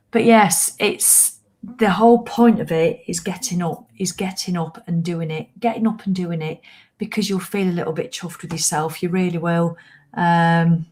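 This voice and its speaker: Woman, slightly low voice, chatty, encouraging, live host. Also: darkish tone. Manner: chatty, encouraging, acts out grumbling viewers. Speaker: host of a walking challenge livestream. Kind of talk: casual live chat to viewers.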